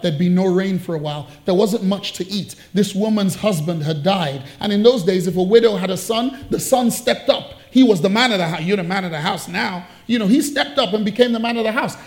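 A man's voice: high-pitched, brisk, hardly any pauses, darkish tone. A man preaching a sermon, telling a story with playful asides and jokes.

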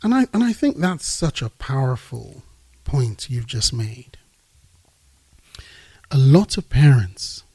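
A man's voice: medium pitch, dark tone, slightly rough, dry recording. A man hosting a faith-based parenting talk, speaking earnestly and restarting phrases as he builds his point.

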